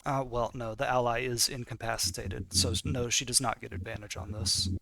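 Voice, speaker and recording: Man, game master, bright voice, dry close sound, casual and chatty. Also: medium pitch, fairly even intonation, a little fast, gravelly, no room sound. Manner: casual, many fillers while reading rules. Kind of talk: narrating a tabletop game.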